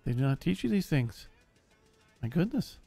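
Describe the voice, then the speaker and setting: A man voicing a gentle, simple-minded male barbarian warrior who talks slowly and formally, never using contractions, in a live game roleplay. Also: a little high, big pitch swings, gravelly, breathy edge, faint music behind, pitched below the performer's own voice, full character voice. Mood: earnest. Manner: speaks without contractions, childlike and earnest. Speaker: streamer.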